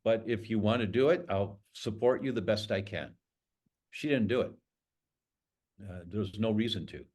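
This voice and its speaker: A man's voice: on the low side, normal speed, long pauses, a little mellow. An older man, a guest, telling a personal story with emotion and acting out the dialogue. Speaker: guest speaker.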